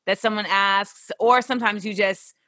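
Bright, animated woman host. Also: medium pitch, moderate pace, dry recording. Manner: animated, laughing, slangy. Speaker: podcast host. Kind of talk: casual interview chat.

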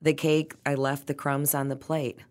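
Low, chatty woman chef, emphatic and playful in casual talk. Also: little pitch movement, normal speed, a little mellow. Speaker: chef and restaurant owner. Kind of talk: casual conversation.

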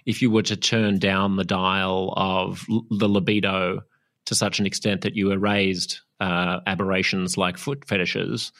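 Low gravelly-voiced male interviewer. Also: flat delivery, measured pace, a bit bright. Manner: curious, speculative, joking. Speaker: podcast host. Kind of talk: casual interview chat.

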